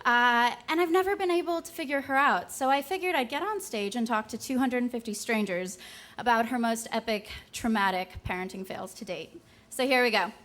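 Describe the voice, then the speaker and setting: Young woman doing a funny story onstage, high voice, wry and self-deprecating. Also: fairly quick, a bit bright. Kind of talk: comic live storytelling on stage.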